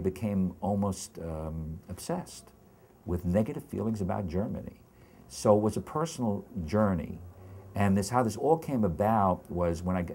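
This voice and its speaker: An older man giving an oral history interview, speaking in a halting, reflective way with many restarts. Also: low-pitched, dark tone, slight background noise.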